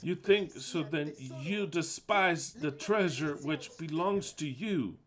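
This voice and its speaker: Furious preaching man, fairly high voice. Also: takes it slowly. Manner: fiery, swearing, mocking, swings from low mutters to shouts. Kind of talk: angry preaching rant.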